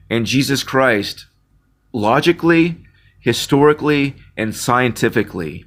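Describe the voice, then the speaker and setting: Earnest man with a low voice. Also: a bit bright. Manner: earnest, repeats words and restarts often. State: choked up, near tears. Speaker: Christian video blogger. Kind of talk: impassioned casual monologue.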